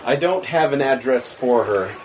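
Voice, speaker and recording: A man voicing a calm male leader who answers in a measured, matter-of-fact way in a tabletop game. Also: medium pitch, a little hiss or hum, close to an everyday voice, low-quality recording.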